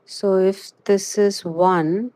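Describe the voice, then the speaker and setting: A crochet livestreamer with a mid-range, steady voice and dark tone teaches and chats live, with no room sound. She's chatty and fills pauses with "you know."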